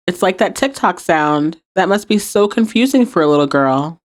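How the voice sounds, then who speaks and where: A woman's voice: fairly low pitch, expressive, normal speed. A woman hosting a podcast, recapping a show episode in a casual, wry way and laughing often. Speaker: podcast host.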